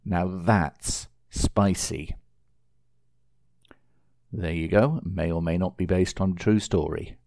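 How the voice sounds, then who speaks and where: A man's voice: deep voice, fairly even intonation, slow, gravelly, long pauses, darkish tone, dry recording. A man reading a short comic story with a dry, jokey delivery.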